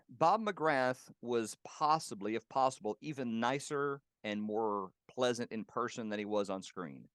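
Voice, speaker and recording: A man's voice: fairly low pitch, smooth, no echo, clean studio sound. A man, a professional puppeteer, fondly recalling colleagues in a casual interview and laughing now and then as he tells anecdotes. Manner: warm, reminiscing, laughs while telling anecdotes. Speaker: guest puppeteer. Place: home.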